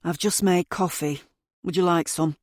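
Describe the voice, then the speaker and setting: Woman voicing an anxious grieving dad, hushed and worried, low voice, dry sound. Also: fairly even intonation, moderate pace, no room sound, close to an everyday voice. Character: anxious, grieving middle-aged husband and father.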